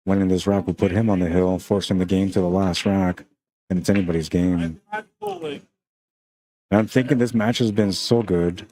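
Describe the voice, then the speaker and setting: A relaxed male pool commentator with a Spanish accent and a low, mellow voice, talking the stream through each shot. He speaks in an even, unhurried tone, chatting loosely and often tossing in "man" and "like". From Canada. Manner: laid-back, chatty, peppered with "man" and "like". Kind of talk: casual live-stream commentary.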